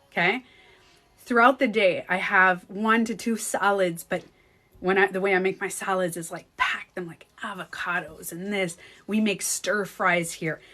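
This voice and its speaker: A talkative woman with a French Canadian accent, chatting straight to her viewers in a casual vlog. She tells her story with frequent laughs, at a medium pitch. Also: a bit bright. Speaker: beauty coach vlogger.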